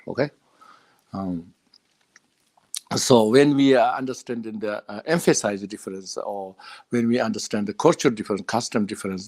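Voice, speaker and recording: A man from the Himalayan region giving a dharma talk as a Buddhist teacher, in halting non-native English full of hesitations and restarts, chuckling between points. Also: on the low side.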